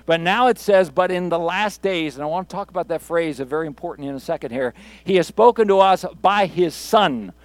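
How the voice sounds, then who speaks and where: A male pastor delivering a sermon with a slightly high-pitched voice. He preaches conversationally, repeating key phrases and polling the congregation. The sound is close and dry. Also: brisk, few pauses, dry recording. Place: church sanctuary with congregation.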